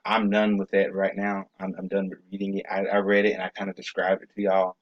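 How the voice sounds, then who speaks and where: Rambling young man with a lowish voice. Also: completely flat delivery, brisk, dull audio. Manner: loose and rambling, with many fillers, stammered restarts and cussing. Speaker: video creator. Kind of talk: casual rambling vlog talk.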